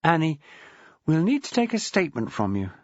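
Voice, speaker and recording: A man voicing a tactful, measured woman detective in a storybook reading. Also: on the high side, wildly swooping pitch, no room sound, dull audio, pitched above the performer's own voice.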